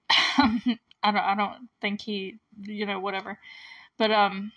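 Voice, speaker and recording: A woman casually recapping a movie, chatty and full of "like", with small laughs and frequent throat clearing. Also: medium pitch, little pitch movement, takes it slowly, a bit bright, muffled recording. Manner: often clears her throat.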